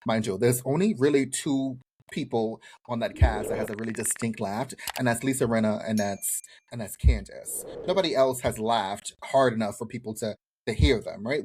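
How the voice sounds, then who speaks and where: Animated American man recapping a show. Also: medium pitch, moderate pace, few pauses, a little hiss or hum. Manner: animated storyteller acting out quotes. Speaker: podcast co-host. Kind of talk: casual recap chat.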